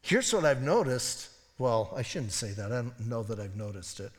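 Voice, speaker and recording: A pastor delivering an expository sermon in a conversational way, breaking off into wry asides and correcting himself. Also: male voice, medium pitch, very animated, normal speed, in a large hall. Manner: conversational, self-interrupting preaching with wry asides.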